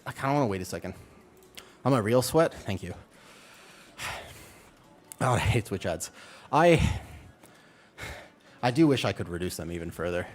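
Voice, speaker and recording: Slightly out of breath from a workout, a young gamer chats with his stream viewers from a room where a fan runs. He talks in a lowish, animated voice at a moderate pace, pausing often and joking casually.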